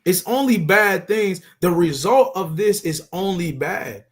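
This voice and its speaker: A man's voice: high voice, lively intonation, a little slow. A man teaching scripture in a casual street style, emphatic and conversational, often repeating his points for stress. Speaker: religious teacher.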